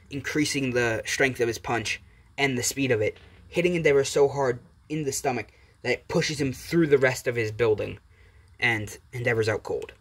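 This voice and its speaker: A man makes up a fan-fiction story as he goes, telling it in a loose, rambling way. His voice is an ordinary mid pitch, and it sounds like a casual storytelling channel. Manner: rambling, with fillers and restarts. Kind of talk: improvised fan-fiction narration.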